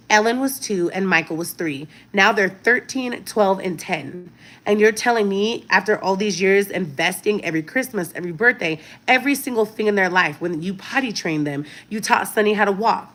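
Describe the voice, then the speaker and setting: A woman's voice: mid-range voice, a bit bright. A woman in her thirties talking casually to her viewers, telling a personal story with emphatic repetition and frequent "right?" check-ins. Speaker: vlogger.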